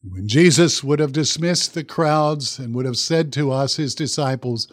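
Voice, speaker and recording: A man's voice: mid-range voice, measured pace, no room sound. Man preaching a sermon, dry close sound. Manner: dramatic storytelling with acted quotes and questions to the congregation. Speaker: pastor.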